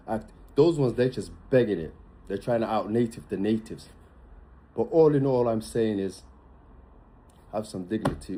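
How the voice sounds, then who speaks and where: Dark, husky man in a ranting monologue. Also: on the low side. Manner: emphatic, repetitive, ranting. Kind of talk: opinionated monologue.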